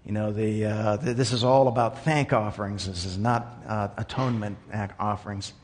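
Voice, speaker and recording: A man preaching a sermon in an earnest way, dropping to quiet asides and then rising to emphatic points. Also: fairly low pitch, steady tone, normal speed, in a large hall. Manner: earnest, swings between quiet asides and emphatic raised lines. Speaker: pastor.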